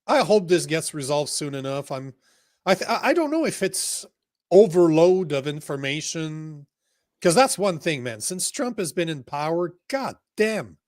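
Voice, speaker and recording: A young man co-hosts a loose political talk show, blunt and foul-mouthed, rambling as he calls out names from the chat. His voice sits a little high, and the recording is dry and close. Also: sing-song, moderate pace, darkish tone, no echo. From Canada. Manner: blunt, profane and rambling, talks to live chat. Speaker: podcast co-host.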